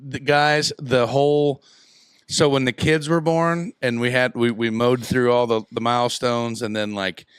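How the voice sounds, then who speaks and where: A man co-hosting a podcast, chatting casually and telling animated stories with loud laughs. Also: mid-range voice, measured pace, clear, resonant tone, no echo, clean studio sound. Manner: animated storyteller, laughs loudly. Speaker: podcast co-host.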